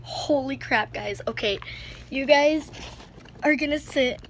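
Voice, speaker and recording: A woman vlogging casually from home as she unboxes things, excitable and exclaiming as she talks to the camera. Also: high voice, slow, slight background noise. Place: at home indoors, a cat nearby.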